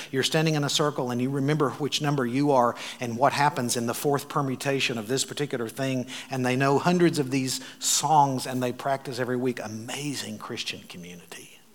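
A man's voice: medium pitch, brisk, few pauses. Man preaching with wry storytelling. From United States. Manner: animated storyteller with wry asides. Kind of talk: sermon storytelling.

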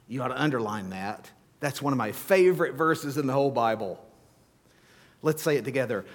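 A man preaching as a pastor, telling the story in an animated way, acting out scenes with playful asides. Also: medium pitch, brisk. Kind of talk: sermon. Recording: long hall reverb.

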